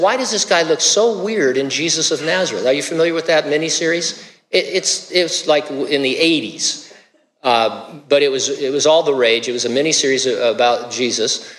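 A man's voice: mid-range voice, fairly bright tone, long reverb tail. A male pastor preaching a sermon in a casual, conversational way, with stammered restarts.

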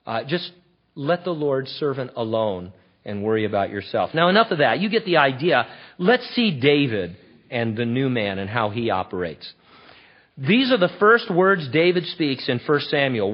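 A man preaching a sermon in an animated, conversational, emphatic way. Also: medium pitch, normal speed, slightly rough. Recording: dull lo-fi recording.

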